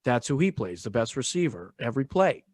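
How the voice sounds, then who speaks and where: A man co-hosting a sports podcast, joking and talking with crude, animated banter. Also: medium pitch, a little fast, husky, no echo. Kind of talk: casual sports analysis chat.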